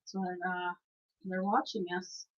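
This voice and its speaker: A woman co-hosting a radio morning show in casual banter, teasing and quick to laugh, greeting listeners by name. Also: lowish voice, little pitch movement. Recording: muffled lo-fi live stream audio.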